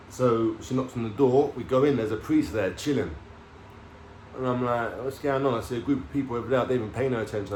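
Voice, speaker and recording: Man, streetwise vlogger telling his story, swears freely, tags lines with "yeah?", mid-pitched, in a roomy echoey space. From London. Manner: streetwise slang, swearing, keeps checking in with "yeah?". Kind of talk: casual storytelling to camera. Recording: echoey room with faint background noise.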